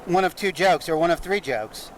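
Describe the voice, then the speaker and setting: A deadpan street comedian, a man with a fairly high voice, tells stand-up one-liners at a normal pace outdoors on a city street, muttering asides between jokes. The street recording carries loud traffic noise from passing vehicles.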